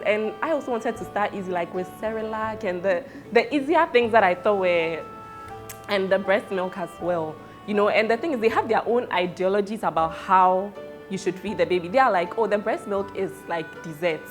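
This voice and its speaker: A woman's voice: mid-range voice, moderate pace. A woman from Ghana chatting casually as a mother sharing her experience, chatty and laughing often, with light music behind. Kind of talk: casual chat.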